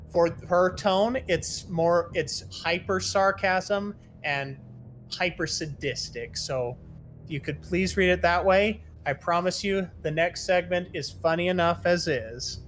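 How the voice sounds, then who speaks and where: A man's voice: a little high, slow, fairly bright tone, a little hiss or hum. A man hosting a group live reading, chatting casually and politely asking the readers what they want. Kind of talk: casual chat to listeners.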